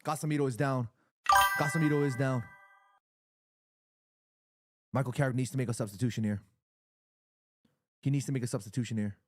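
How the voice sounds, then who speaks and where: A man streaming a live football watchalong, excitably commenting on the play and reading out viewers' chat messages. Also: mid-range voice, fairly quick, pauses often, over music. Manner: excitable, chatty fan commentary.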